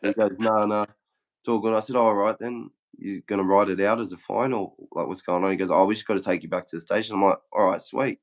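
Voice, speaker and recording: A man's voice: fairly low pitch, quick pace. Swearing Australian man, lo-fi sound. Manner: swears a lot, acts out quotes in a flat retelling. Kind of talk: casual chat.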